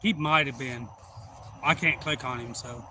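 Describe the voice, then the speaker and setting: A man hosting a fishing livestream, telling a rambling, folksy story that turns loud and excited. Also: medium pitch, unhurried, slight background noise, low-quality recording.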